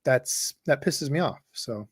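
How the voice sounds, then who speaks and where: A man's voice: mid-range voice, expressive, slow pace, slightly rough, dry recording, clean studio sound. Laid-back man chatting on a fishing livestream. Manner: rambling, reads chat comments aloud. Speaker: fishing channel host. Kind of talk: casual livestream chat.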